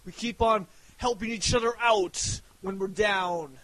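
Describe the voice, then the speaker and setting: Loud high-voiced man ranting. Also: measured pace, a little hiss or hum, poor audio. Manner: loud, profane, boastful, often shouting. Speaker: website owner. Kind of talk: hype rant to viewers.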